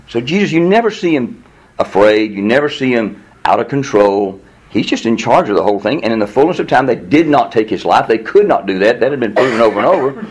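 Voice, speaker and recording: A man's voice: fast, slightly rough. A man preaching a sermon in a conversational way, acting out the quotes and chatting with the listeners. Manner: animated, acts out quotes with rising pitch; conversational, with laughs and audience asides. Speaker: pastor.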